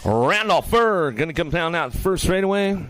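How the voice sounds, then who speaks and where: A man announcing live BMX races, rattling off rider names and calling the action in quick bursts, with joking banter aimed at the riders. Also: on the high side, animated, fairly bright tone. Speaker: race announcer. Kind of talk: live BMX race commentary.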